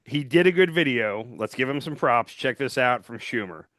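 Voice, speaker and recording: A man hosting a casual political chat, blunt and opinionated, talking in quick asides. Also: medium pitch, animated. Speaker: podcast host.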